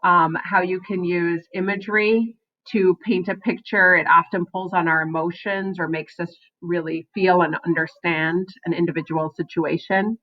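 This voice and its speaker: Lower-voiced woman teacher, dull recording. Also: fairly even intonation, moderate pace, few pauses. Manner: encouraging, frequent "right?" and "um". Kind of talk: recorded online class lesson.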